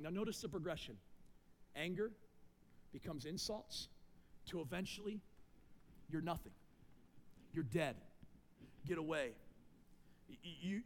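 A high-pitched man delivers a sermon as a pastor. He pushes his key points out loudly, then drops into low, quiet asides. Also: a little hiss or hum. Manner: swings between loud emphatic points and low quiet asides.

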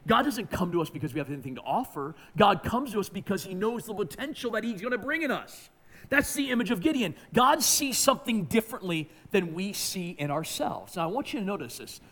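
High-voiced man preaching with emphasis. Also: expressive, a little fast. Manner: emphatic, swings from hushed to near-shouting. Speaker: pastor. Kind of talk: sermon.

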